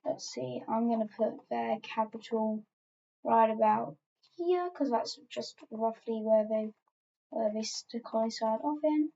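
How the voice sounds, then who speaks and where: A woman's voice: fairly high pitch, a little slow, creaky, warm tone, highs cut off. A woman casually narrating an alternate-history map as she edits it, rambling offhand with lots of fillers and asides.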